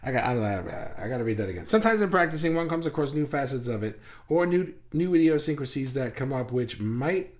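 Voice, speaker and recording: A man's voice: medium pitch, sing-song, a little fast, few pauses, a little mellow. A man hosting a live stream, reading viewers' comments aloud and riffing on them in a rambling, self-mocking way. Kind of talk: casual live-stream chat.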